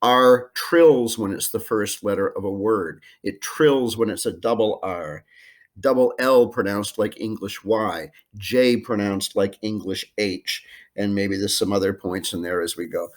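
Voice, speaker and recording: Low-voiced man teaching a slow lesson. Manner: slow, careful modeling of phrases with filler ums. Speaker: Spanish teacher. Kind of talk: recorded screencast lesson. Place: home.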